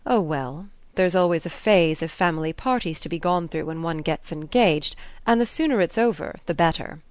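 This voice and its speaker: A woman reading a novel aloud, voicing a young gentleman who is contrary and argumentative. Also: on the low side, moderate pace, smooth, no room sound, close to an everyday voice. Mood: dismissive. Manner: dismissive, argumentative.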